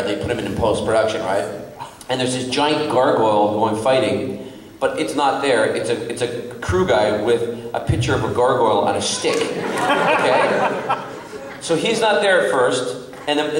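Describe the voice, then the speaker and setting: A man, an actor guest on a convention panel, telling an animated story to a crowd with lots of laughing and fillers. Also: mid-range voice. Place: convention hall panel room. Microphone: distant from the recording mic. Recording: echoey hall from far off.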